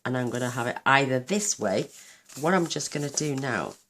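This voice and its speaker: Chatty croaky-voiced woman crafter. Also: rumbling low, animated, normal speed, fairly bright tone, a little hiss or hum. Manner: chatty, enthusiastic, talks while working. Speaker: craft channel host. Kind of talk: casual card-making tutorial.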